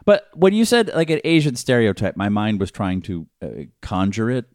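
A man's voice: on the low side, very animated, normal speed, a little mellow, dry recording, clean studio sound. A man in casual chat who teases and keeps interrupting with jokes. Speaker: podcast co-host.

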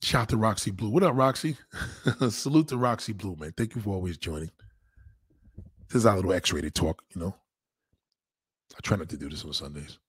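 A man's voice: sits low, moderate pace, long pauses, breathy edge, dry recording, studio quality. A man hosting a casual streamed chat, talking in a crude, rambling way full of street slang. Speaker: host.

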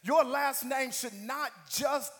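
Pastor, male, very high and bright voice, impassioned sermon delivery, echoing church hall with faint music. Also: slow. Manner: rising to loud call-and-response preaching.

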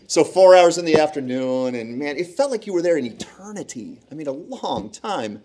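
A man telling a humorous personal story to a live audience in an animated, conversational, self-deprecating way. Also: fairly high pitch, moderate pace, slight background noise.

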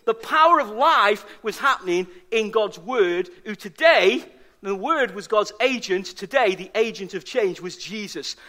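High bright-voiced preacher. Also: male voice, expressive, measured pace. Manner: emphatic, repeats key phrases for stress. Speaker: pastor. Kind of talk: sermon. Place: church service.

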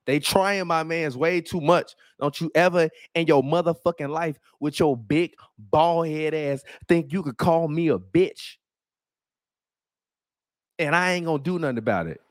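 A man's voice: fairly high pitch, normal speed, dry recording, studio quality. A man hosting a casual, comedic sports commentary, full of profanity and laughing asides. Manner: profane, animated, laughing riffs. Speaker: host.

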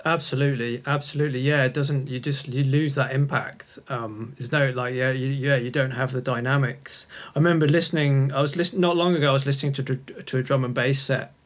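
Podcast host, chatty and easygoing, agrees a lot and laughs easy. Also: male voice, medium pitch, fairly even intonation, a little fast, few pauses. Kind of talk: casual podcast conversation.

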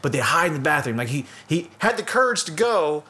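A man in casual chat, animatedly retelling a film with crude jokes, laughing and shouting at times. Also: fairly high pitch, big pitch swings, fairly quick.

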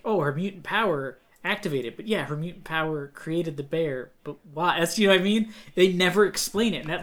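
A man with a somewhat high voice talks through a casual podcast conversation. He is animated, slipping into little acted-out quotes as he talks. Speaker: podcast co-host. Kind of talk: casual chat.

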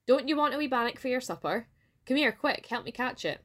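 A woman's voice: medium pitch, fairly quick, fairly bright tone, lightly acted. A woman voicing a cottage wife who calls out urgent commands while chasing a cake.

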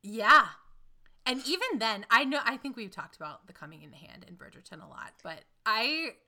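A woman co-hosting a chat show, retelling a fairy tale in a wry, animated way. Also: a little high, moderate pace. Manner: wry, animated, swears casually. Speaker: podcast co-host.

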